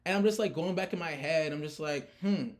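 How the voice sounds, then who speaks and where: A man's voice: a little high, fairly quick. A young man ranting casually about a card tournament, rambling with lots of fillers and swearing. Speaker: player recounting a card tournament. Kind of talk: casual rant.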